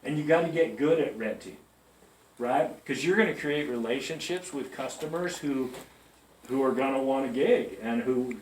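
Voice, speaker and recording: A man's voice: mid-range voice, animated, normal speed, a little mellow, a little hiss or hum. A man speaking to new staff in a large music store, telling chatty stories and checking in with his listeners. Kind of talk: storytelling pep talk to a group. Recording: echoey store, from far off.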